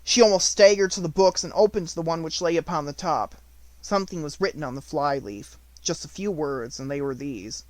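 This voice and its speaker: A man reading an unabridged novel aloud as an audiobook narrator, with expressive storytelling. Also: a little high, fairly quick, no echo.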